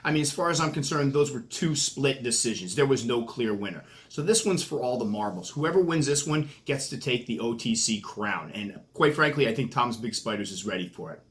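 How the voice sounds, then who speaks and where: A man's voice: medium pitch, animated, brisk, few pauses. A middle-aged man with a New England accent, hosting his own channel and talking casually to camera, joking and trash-talking about himself. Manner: joking, self-mocking trash talk. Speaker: tarantula keeper and channel host. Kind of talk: casual vlog talk to camera, mock fight interview.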